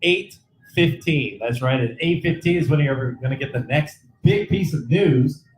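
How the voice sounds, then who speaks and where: A man's voice: on the high side, animated, normal speed, roomy sound, a little hiss or hum, rough recording. A man co-hosting a comedy show, delivering a mock-serious weather report and chuckling often.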